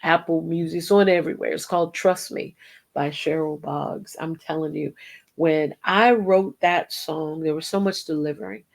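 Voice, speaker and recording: Speaking with a low pitch, vocal fry, and fairly even intonation, a middle-aged woman teaches earnestly on the devotional program she hosts. She's a Christian singer, and her slow delivery is broken by snatches of hymns.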